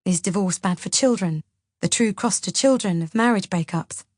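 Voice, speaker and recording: A woman voicing a worried young husband who talks softly and pleadingly. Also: medium pitch, normal speed, dry recording, clean studio sound, close to an everyday voice.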